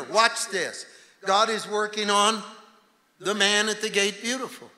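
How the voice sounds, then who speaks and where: A man preaching a revivalist sermon as a guest preacher in a church, swinging from shouting to hushed intensity. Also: sits high, a little slow. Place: church sanctuary. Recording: reverberant church hall, faint room noise.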